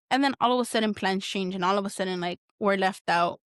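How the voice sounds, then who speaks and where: A woman's voice: mid-range voice, fast, clear, resonant tone, no echo, studio quality. A woman hosting her own podcast, venting bluntly and emotionally with heavy swearing and frequent restarts. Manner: blunt, heavily profane venting; emotional, repeats herself while searching for words. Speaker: podcast host. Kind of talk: candid solo podcast monologue.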